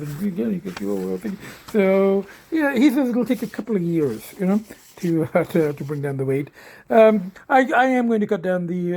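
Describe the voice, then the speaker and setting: A man's voice: high voice, creaky, mellow, poor audio. A middle-aged man vlogging in a rambling, casual way, full of fillers and swearing, cooing to his cats. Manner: coos baby talk to his cats.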